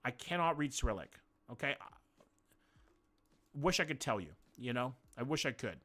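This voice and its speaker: A man's voice: mid-range voice, sing-song, normal speed, fairly bright tone. A man streaming a game live, thinking aloud, swearing casually and greeting viewers by name. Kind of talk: casual live-stream chat while playing.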